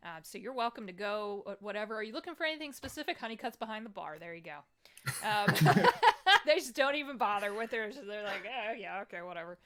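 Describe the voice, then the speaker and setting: A woman's voice: medium pitch, expressive, fast talker, a bit bright. A woman running a tabletop game as game master, describing scenes in a chatty, descriptive way with many fillers.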